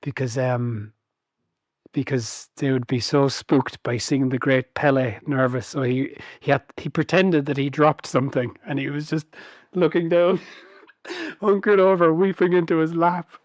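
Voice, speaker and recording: A man's voice: on the high side, steady tone, a little slow, no room sound, clean studio sound. A man co-hosting a podcast in casual chat, amused and often laughing as he teases his co-host with questions.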